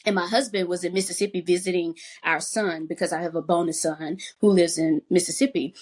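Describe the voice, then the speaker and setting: Young adult woman, podcast guest; emotional faith testimony, sincere, a touch low in pitch. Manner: earnest, emotional storytelling with faith language. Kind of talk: personal testimony in a podcast chat.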